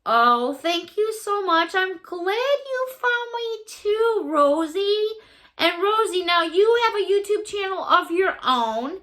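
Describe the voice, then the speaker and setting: A woman's voice: very high voice, a bit bright. A middle-aged woman chatting casually to camera as a YouTuber opening fan mail, effusive and full of thanks and exclamations.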